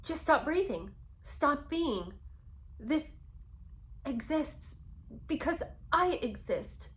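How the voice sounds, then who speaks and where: A woman putting on a slow, theatrical voice to mock a melodramatic young woman. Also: sits high, sing-song, voice pushed up, exaggerated voice. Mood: mock tragic.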